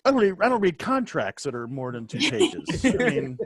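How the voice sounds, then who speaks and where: A man's voice: medium pitch, big pitch swings, normal speed, no room sound. A man co-hosting a true-crime podcast, chatting with wry humor and stumbling over repeated words. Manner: stammering restarts, wry humor. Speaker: podcast co-host. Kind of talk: casual true-crime chat.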